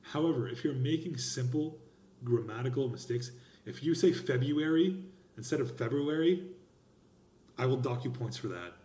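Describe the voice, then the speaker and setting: A man teaching a college speech class, explaining grading criteria in an emphatic, expressive lecture style. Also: medium pitch, fairly quick, roomy sound. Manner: emphatic and expressive, lively gestures. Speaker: college instructor.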